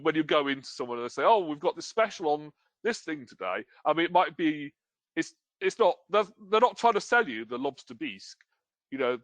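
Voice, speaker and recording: A man's voice: medium pitch, a bit bright, no room sound. A British man presenting a webinar as a game store owner, talking casually with lots of fillers and self-deprecating humor. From United Kingdom.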